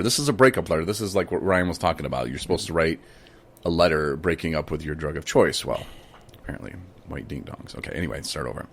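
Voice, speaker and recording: Deep-voiced man in his thirties, mock-dramatic. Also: animated, fast talker, husky. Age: 30s. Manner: mock-dramatic reading, frequent laughter. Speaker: podcast co-host. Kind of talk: casual podcast banter.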